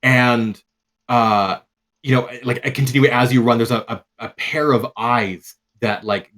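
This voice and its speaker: A man's voice: fairly low pitch, fairly bright tone. A man narrating a tabletop game as game master, loose and rambling with many fillers.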